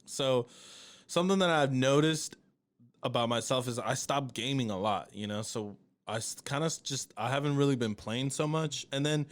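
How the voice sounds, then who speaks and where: A man's voice: medium pitch, normal speed. A man hosting a casual podcast who rambles and hesitates, with lots of fillers and restarts, and swears casually. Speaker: podcast host. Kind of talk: casual chat.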